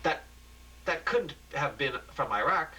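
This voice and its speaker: A man voicing a frantic male TV field reporter, breathless and rising to near-shouting. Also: fairly high pitch, animated, measured pace, voice pushed up, heavily acted, poor audio. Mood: shaken.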